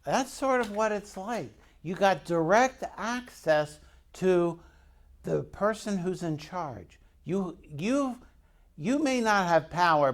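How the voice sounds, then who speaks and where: A pastor delivers a conversational sermon in a slow, unhurried way. His voice sits a little high and has a gravelly edge. He tells the story and keeps asking the congregation questions.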